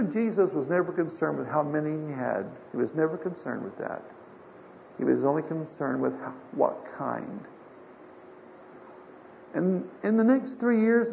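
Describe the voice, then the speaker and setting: A man's voice: fairly high pitch, creaky, dark tone. An older man preaching a sermon as a pastor, folksy and storytelling, with emphatic swells. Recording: dull lo-fi sermon recording with faint hiss.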